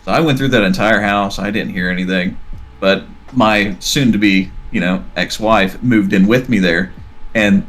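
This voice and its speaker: With faint music in the background, a man with a lowish, sharp voice spins a long, meandering tale during relaxed podcast talk, performing each line of dialogue himself.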